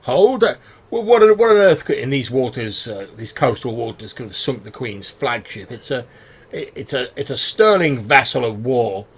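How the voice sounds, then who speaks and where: A man's voice: mid-range voice, moderate pace, crowd noise, close to an everyday voice. A man voicing a pompous ship captain who blusters indignantly.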